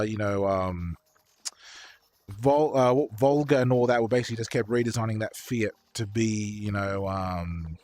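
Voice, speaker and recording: Brief: young male streamer, mid pitch, chatty and profane, rambling with fillers. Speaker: streamer painting models. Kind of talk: casual chat with stream viewers.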